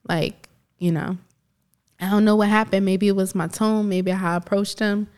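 Speaking a little fast in a medium pitch, this podcast co-host from New Jersey tells personal stories with a casual, motivational tone, laughing often and acting out others' voices.

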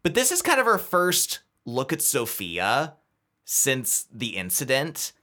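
Male podcast co-host, bright tone, animated casual recapper. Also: mid-range voice. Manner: animated, retells scenes with quick quoted voices. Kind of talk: casual chat.

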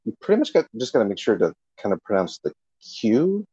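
A man co-hosting a casual gaming podcast, husky and hesitant, filling his talk with agreeing yeahs. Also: fairly low pitch, wildly swooping pitch, fairly quick, mellow, no room sound, highs cut off. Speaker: podcast co-host.

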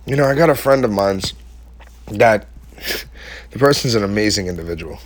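A man's voice: fairly low pitch, animated, normal speed, no room sound. A man giving a heartfelt, casual motivational talk to his viewers, using slang and emphatic repetition. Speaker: vlogger speaking to his audience.

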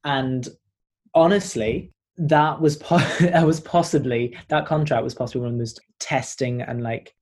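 A man's voice: mid-range voice, normal speed. A young man in his twenties with a Northern Irish accent, telling stories as a performer guest in a casual interview. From Northern Ireland. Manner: animated, rambling storyteller.

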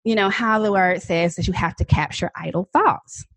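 A woman in her thirties, a podcast guest, telling a personal story in a lively, dramatic, casual way with frequent laughs. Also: fairly low pitch, normal speed, no room sound. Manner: animated, self-described dramatic talker with frequent laughs.

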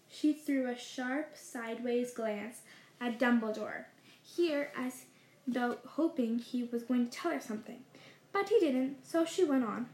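A woman reading a novel aloud in an expressive, lively storybook manner. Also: high voice, moderate pace. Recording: roomy echo.

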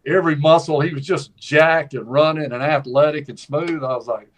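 A man's voice: a little high, moderate pace. A man with a Southern accent, a former college football player, telling stories in casual chat with folksy phrasing. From Mississippi. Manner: animated storyteller with folksy phrasing. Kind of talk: casual storytelling.

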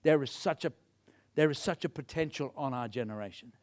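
A man's voice: mid-range voice, a little fast. A man preaching a sermon, retelling a Bible story and acting out the characters' lines. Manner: animated storytelling, acts out the characters.

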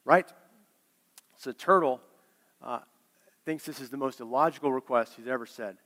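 A man's voice: mid-range voice, normal speed, a bit bright. A man pastor delivering an earnest, emphatic sermon and often repeating his words. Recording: long hall reverb.

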